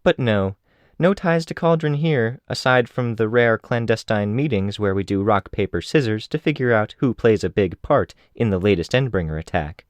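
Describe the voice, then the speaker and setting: A man voicing a sly, quick-witted young woman in an audiobook, speaking in a flippant, wry way. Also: fairly low pitch, no echo, voice pushed up, close to an everyday voice.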